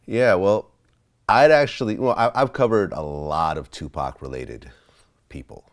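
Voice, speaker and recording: A man's voice: low voice, measured pace. A man interviewing a guest in a casual, conversational way. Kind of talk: interview questions.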